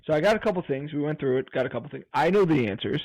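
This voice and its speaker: A man's voice: a little high, expressive, racing, a little mellow, no room sound, rough recording. A man co-hosting a podcast in casual chat, telling stories with frequent laughter. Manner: storytelling, laughs often. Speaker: podcast co-host.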